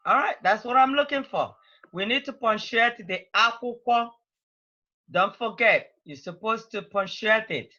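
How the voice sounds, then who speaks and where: Bright, high-voiced teacher woman. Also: expressive, measured pace, dull audio. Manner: prodding, patient, repeats phrases. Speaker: language teacher. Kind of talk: online class teaching.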